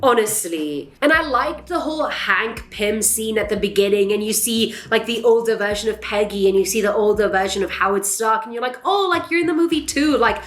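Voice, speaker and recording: A young adult woman vlogger chatting casually about films, animated and swearing freely. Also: mid-range voice, normal speed, few pauses. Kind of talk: casual reaction chat. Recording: echoey room.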